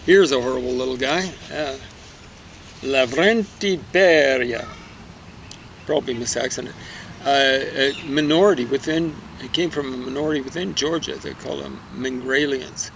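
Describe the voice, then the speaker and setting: A man with a gravelly, creaky voice talks through a book review in a loose, rambling way, often tripping over names. He is recorded outdoors in a garden, with clear background noise and passing vehicles. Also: medium pitch, normal speed, a bit bright, rough recording. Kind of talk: casual spoken book review.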